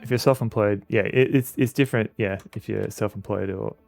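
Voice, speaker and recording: A man with an Australian accent streaming a game, chatting casually in a halting, rambling way with many fillers. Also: fairly low pitch, fairly even intonation, gravelly, a little mellow, faint music behind. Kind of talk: casual commentary while playing a game.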